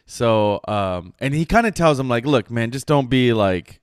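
Podcast co-host man, mid-pitched, casual storyteller who acts out quotes and swears; dry close mic. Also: animated, unhurried, clean tone, dry recording.

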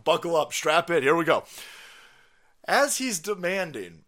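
Loud crude animated male streamer. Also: fairly high pitch, a little slow. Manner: crude, mocking, laughs often. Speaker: podcast host. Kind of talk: profane comedic political rant.

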